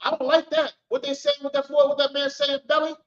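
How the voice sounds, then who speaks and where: A man's voice: extremely high pitch, flat delivery, fast. A man teaching scripture, preaching with fiery, repetitive rhetorical questions, outdoors on a street corner. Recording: echoey, dull sound.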